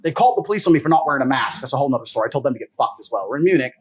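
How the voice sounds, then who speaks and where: A man's voice: mid-range voice, lively intonation, rapid-fire, husky. A man talking casually as a podcast guest, brash and profane, boasting and laughing between sentences. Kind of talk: casual storytelling chat.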